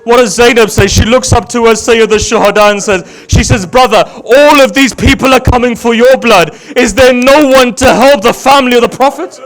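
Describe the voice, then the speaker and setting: A man with a high voice delivers an emotional sermon at a religious gathering, telling a sacred story. He acts out the figures' words with drama. His voice often sinks to a near hush. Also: moderate pace, hardly any pauses, rough recording. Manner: dramatic, quotes each figure in the story, often drops to a hushed voice. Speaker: Shia religious scholar giving a majlis. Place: religious center gathering hall.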